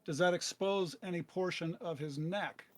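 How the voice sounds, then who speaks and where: A man playing a tabletop game, asking quick tactical questions about his shot. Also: sits high, dry recording. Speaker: player. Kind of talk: casual tabletop game play.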